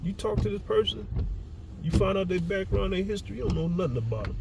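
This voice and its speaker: A man's voice: sits high, very animated, fast talker, creaky. A man giving a heated, blunt commentary rant, profane and repeating himself, recorded outdoors near traffic. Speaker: social commentator.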